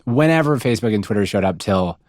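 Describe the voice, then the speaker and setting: A man hosting a podcast, telling stories in a lively, casual way and acting out voices he quotes. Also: lowish voice, fast, no room sound, studio quality. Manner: animated storyteller, acts out quoted voices. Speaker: podcast host. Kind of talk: casual chat.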